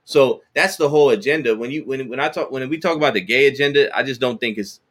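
A man in the middle of the usual pitch range talks as a guest on a podcast. He loops back over words as he gathers his thoughts, telling stories in a relaxed way. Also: fast. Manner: stammering repetitions, conversational storytelling. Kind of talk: casual podcast chat.

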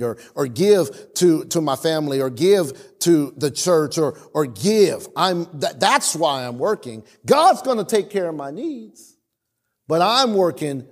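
Animated preacher man. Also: on the high side. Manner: animated storytelling with acted-out quotes; calls for responses from the congregation. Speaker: pastor. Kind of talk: sermon.

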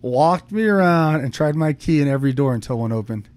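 A man's voice: a little high, animated, brisk, a little mellow, no room sound. A young man co-hosting a podcast, telling a long personal story in casual chat, rambling with fillers and frequent swearing. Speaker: podcast co-host.

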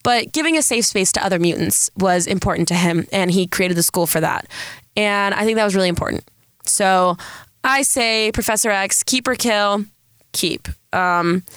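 A woman's voice: mid-range voice, a little slow, fairly bright tone, clean tone, no echo, studio quality. Chatty young woman with a Valley girl voice. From San Diego, California. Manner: chatty, self-deprecating, rambling with fillers. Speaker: podcast host. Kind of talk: casual solo podcast chat.

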